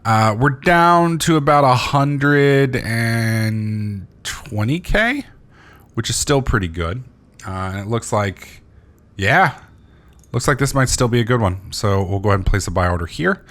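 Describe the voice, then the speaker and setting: A man's voice: medium pitch, expressive, measured pace, fairly bright tone. A man hosting a gaming channel, giving casual gameplay commentary while sleepy, rambling with lots of fillers and restarts and swearing freely.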